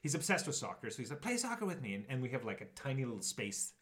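With a mid-range voice and a rapid-fire delivery, a middle-aged man shares stories as a podcast co-host in casual chat. He's animated, breaks into laughter often, and acts out the lines he quotes.

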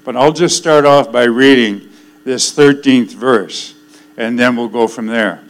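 An older man preaching a sermon, swinging between loud declarations and hushed, solemn passages. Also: medium pitch, unhurried, low-quality recording.

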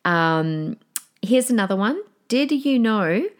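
A middle-aged Australian woman hosting a solo podcast, chatty and animated, with fillers and quick laughs. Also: mid-range voice. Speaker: podcast host.

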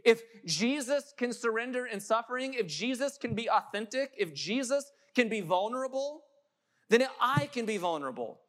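A man's voice: very high voice, animated, normal speed, a bit bright. A young adult man preaching a sermon, impassioned and building to emphatic peaks. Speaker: pastor.

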